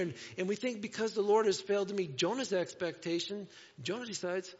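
A man preaching a sermon to a congregation, animated, often acting out voices in quotes. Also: sits high, a little fast. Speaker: pastor. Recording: dull sound with long hall reverb.

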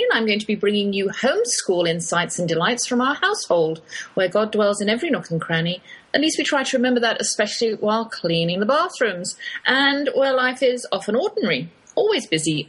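A woman's voice: mid-range voice, very animated, brisk, a bit bright, slightly rough, poor audio. A middle-aged woman with an English accent, hosting a chatty homeschooling radio show with cheerful, faith-filled asides. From West Germany. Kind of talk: chatty scripted radio monologue.

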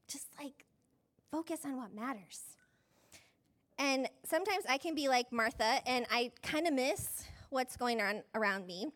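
A woman pastor giving a conversational sermon, chatty and self-deprecating, often saying "like" and laughing mid-sentence. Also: high voice.

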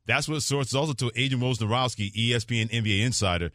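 Lively male sports radio host. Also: mid-range voice, quick pace, dry recording, clean studio sound. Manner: animated, laughing, playful storytelling. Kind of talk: energetic sports radio chat. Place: radio studio. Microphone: studio microphone.

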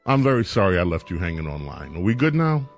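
A man's voice: sits low, big pitch swings, quick pace, gravelly, faint music behind. A man hosting a call-in radio talk show, joking and teasing his callers.

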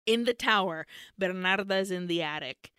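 Give me a woman retelling a film on a podcast, animated and crisp. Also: on the low side, normal speed, dry recording, studio quality. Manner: animated storyteller, swears freely, mixes in Spanish. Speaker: podcast co-host.

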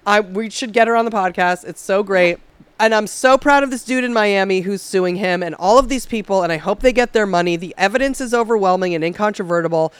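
A woman's voice: medium pitch, fairly quick, clear, resonant tone, dry recording. A woman co-hosting a podcast in casual chat, blunt, profane and fired-up. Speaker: podcast co-host.

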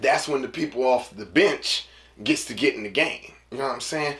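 A man's voice: mid-range voice, moderate pace, a bit bright, echoey room. A man hosting a casual solo podcast, rambling through a story in loose slang and acting out voices. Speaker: podcast host.

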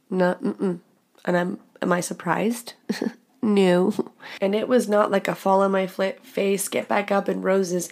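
A young woman hosting a podcast, telling a personal story in a candid, expressive way and swearing freely. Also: fairly low pitch. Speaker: podcast host. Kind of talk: casual storytelling monologue.

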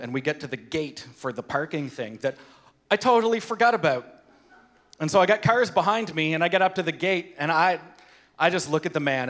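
A man, a pastor preaching a sermon, telling personal stories in an animated, self-deprecating way. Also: on the high side, a little fast.

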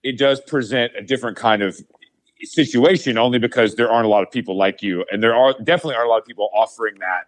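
A man co-hosting a podcast, playful and wry, sometimes stretching words for effect. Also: mid-range voice. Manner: playful, drawn-out wry jabs. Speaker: podcast co-host. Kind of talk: casual podcast chat.

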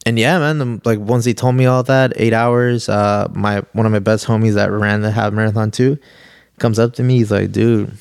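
A young man tells a story to friends on a podcast, loose and slangy, with plenty of "like" and "dude." His voice sits on the low side. The recording is dry and close. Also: steady tone, moderate pace, gravelly, a little mellow, smooth, no echo. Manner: laid-back, slangy, lots of "like" and "dude". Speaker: podcast guest. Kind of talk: casual storytelling chat.

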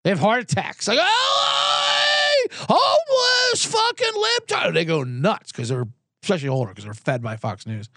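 A man's voice: medium pitch, big pitch swings, fast. A man hosting a podcast, ranting sarcastically and telling profane stories with acted-out quotes. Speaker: podcast host. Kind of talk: comedic rant.

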